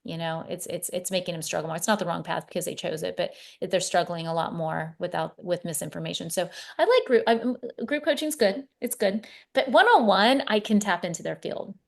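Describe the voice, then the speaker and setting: A middle-aged woman with a lowish voice and a gravelly, fry-tinged edge. She talks in a loose, animated way, restarting and repeating words as she tells stories about her coaching work. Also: fairly quick, few pauses. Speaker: podcast guest, spiritual coach. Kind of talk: casual conversation.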